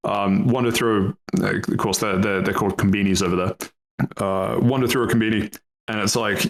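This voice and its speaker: A man's voice: on the low side, level tone, fairly quick, poor audio. A young man chatting casually on a podcast, rambling with lots of fillers, laughing often and swearing freely. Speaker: podcast co-host.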